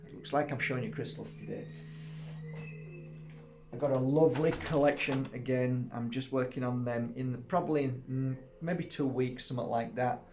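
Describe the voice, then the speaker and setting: A man showing off his crystals in a casual video, gushing with exclamations and squealing up high in delight. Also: steady tone, normal speed, a little mellow, soft background music. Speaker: crystal seller and workshop host. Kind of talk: casual show-and-tell video.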